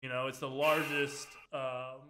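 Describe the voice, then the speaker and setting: A man in his twenties hosting a casual gaming podcast, talking loosely and filling every pause with "like" and "dude". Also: medium pitch, little pitch movement, noisy background. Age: 20s. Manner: chatty, peppers speech with "like" and "dude". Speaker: podcast host. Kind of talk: casual chat.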